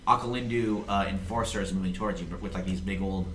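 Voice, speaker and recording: A man narrating a tabletop game as game master, playful and quick to laugh. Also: sits low, fairly even intonation, a bit bright, echoey room, slight background noise.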